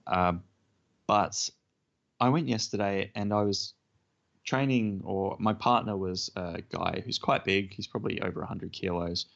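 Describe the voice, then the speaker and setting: A man's voice: sits low, a little slow, vocal fry, fairly bright tone. A man co-hosting a podcast, telling a self-deprecating story in casual chat. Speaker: podcast co-host. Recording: dull lo-fi podcast audio.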